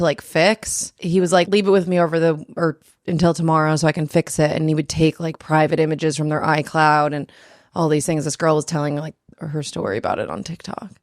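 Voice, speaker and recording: A woman's voice: low-pitched, no room sound, studio quality. A woman hosting a podcast in her apartment, casually telling a story with lots of likes. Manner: chatty, uses many fillers. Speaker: podcast host.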